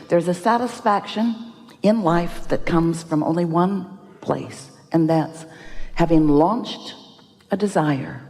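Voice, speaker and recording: A woman giving an inspirational seminar talk, speaking as "we" with emphatic, drawn-out "oh"s and sighs. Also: low-pitched, dark tone, big-room sound. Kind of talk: live motivational seminar talk.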